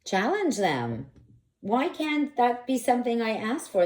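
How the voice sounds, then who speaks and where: A woman with a fairly high voice and measured pace speaks openly as an intimacy coach, addressing the camera in a candid monologue. She's frank and expressive, with animated bursts, and the room echoes.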